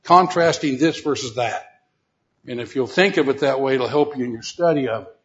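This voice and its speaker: A preacher teaches a Bible lesson in a mid-range voice at a moderate pace, emphatic and questioning his listeners directly. He rises to loud, repeated exhortation, and the recording is dull and lo-fi.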